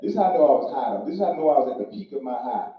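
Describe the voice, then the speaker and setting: A man's voice: mid-range voice, expressive, racing, slight background noise. A man from Louisiana doing a loose, profane stand-up set, telling a story and throwing questions at the crowd. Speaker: stand-up comedian. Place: comedy club stage. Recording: echoey club from far off, dull sound.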